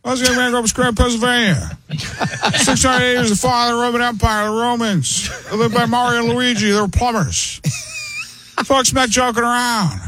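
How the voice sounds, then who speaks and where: A man doing a quiet, rambling impression of an older male politician, full of boasts. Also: extremely high pitch, very animated, normal speed, voice pushed up, heavily acted.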